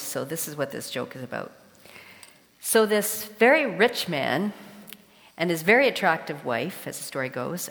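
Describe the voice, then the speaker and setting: A woman preaching a sermon in a church, her voice sitting a little low for a woman. She tells a joke first, then speaks straight to the congregation. A long reverb trails each phrase through the hall. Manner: warm storytelling with a joke, addressing the congregation.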